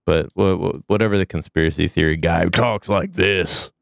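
A man co-hosting a podcast, talking through a cold in a deep gravelly voice, relaxed and full of ums. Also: normal speed, no echo, studio quality. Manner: relaxed, with many ums and uhs. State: sick, foggy. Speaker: podcast co-host. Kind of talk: casual news chat.

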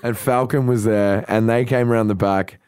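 A man's voice: fairly low pitch, steady tone, normal speed, darkish tone, clean tone, no echo, clean studio sound. An Australian man hosting a podcast, telling a long story in loose, casual speech full of swearing. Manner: loose, swearing, acts out quoted voices. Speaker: podcast host.

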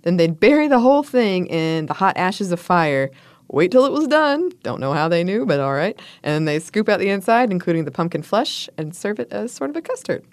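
Chatty low-voiced woman co-host. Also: very animated, brisk, no room sound. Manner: chatty, laughs often, playful asides. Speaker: podcast co-host. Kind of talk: casual chat, reading food history notes.

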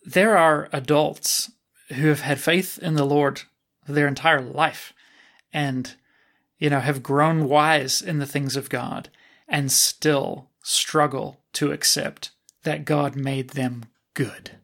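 Gravelly-voiced male podcast host. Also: a little high, fairly even intonation, takes it slowly, a bit bright. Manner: frank and self-deprecating, laughs often. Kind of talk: candid podcast talk.

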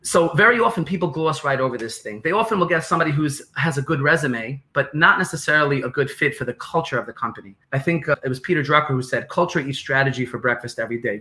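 A man with a New York accent, explaining business ideas as a podcast guest in an animated way, repeating phrases and acting out quotes. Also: mid-range voice.

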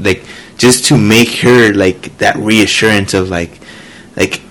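A man's voice: on the low side, fairly even intonation, slow, fairly bright tone. A man talking casually as a podcast guest, rambling with lots of filler words. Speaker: podcast guest, host's younger brother. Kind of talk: casual chat.

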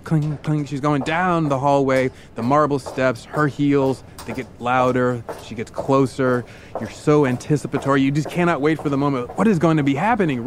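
A man's voice: mid-range voice, slight background noise. Playful man telling a true story. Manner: vivid, playful, acts out side characters with funny voices. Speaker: podcast host. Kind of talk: storytelling narration in second person.

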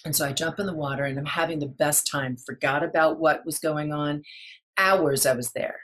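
Low-voiced woman telling her story. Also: steady tone, moderate pace. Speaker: guest. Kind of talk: personal storytelling in an interview.

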